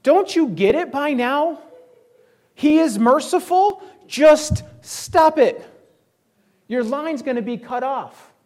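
A stern prophet scolding at the top of a raised, strained voice, fed up and loud. A male pastor puts him on with full exasperation behind every line. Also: sits high, very animated, moderate pace, voice pushed up. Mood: exasperated.

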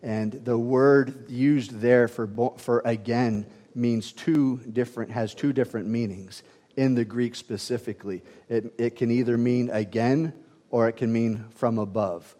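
A man's voice: medium pitch, fairly even intonation, unhurried, mellow. Preaching man in a reverberant hall. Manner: conversational teaching with frequent fillers and restarts. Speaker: pastor. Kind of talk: sermon.

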